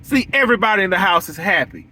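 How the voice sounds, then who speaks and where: Young guy preaching about running a lawn business, high bright voice, keeps repeating himself, blunt as anything. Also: lively intonation, quick pace, a little hiss or hum. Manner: preachy, repetitive, blunt, acts out quoted lines. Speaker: lawn care business owner. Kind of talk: casual monologue to the audience.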